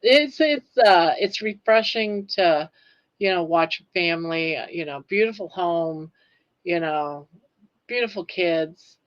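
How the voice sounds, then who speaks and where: A woman's voice: on the low side, expressive, measured pace. A woman co-hosting a casual live chat, easygoing and full of fillers. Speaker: co-host guest. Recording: dull lo-fi audio.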